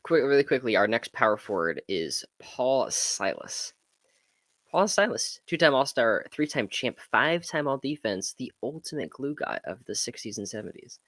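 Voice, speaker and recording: A man co-hosting a podcast, chatting casually about sports and acting out quotes in an animated way. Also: medium pitch, moderate pace, no room sound. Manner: animated, acts out quotes with swearing. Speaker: podcast co-host. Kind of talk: casual sports debate chat.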